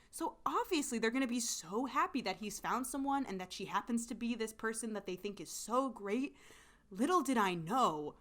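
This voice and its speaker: A woman with a fairly high, slightly bright voice co-hosts a podcast. She talks through a drama in a casual, chatty way, packing her speech with fillers and plenty of emphasis.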